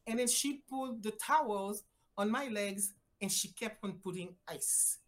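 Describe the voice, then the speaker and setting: An older woman from Haiti, a physician guest telling a personal story with lively voiced-out quotes and big swings in pitch. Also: measured pace. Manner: animated, acts out voices with big pitch jumps.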